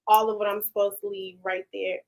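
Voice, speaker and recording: A woman guest in a casual podcast chat, telling stories in an animated, heartfelt way with casual slang. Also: mid-range voice, a little fast, rough recording. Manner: animated storytelling with laughs; emotional, heartfelt.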